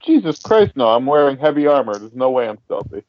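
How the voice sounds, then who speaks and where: A man's voice: mid-range voice, sing-song, brisk, no echo. Blunt, exasperated male player, dry dull audio. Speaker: tabletop game player. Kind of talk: casual chat.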